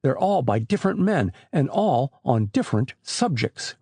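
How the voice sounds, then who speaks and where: A man voicing a sober, level-headed older teenage brother who speaks earnestly and reasons calmly, in an audiobook. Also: medium pitch, normal speed, breathy edge, dry recording, clean studio sound.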